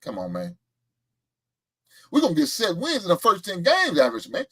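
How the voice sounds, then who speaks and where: A man hosts a casual sports talk stream, bragging about his team's season and teasing the haters in the chat. His voice sits a little high for a man and swings up and down with a lot of life, cocky and playful throughout. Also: brisk, slightly rough. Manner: boastful, animated, trash-talking with laughs and chat replies. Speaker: show host.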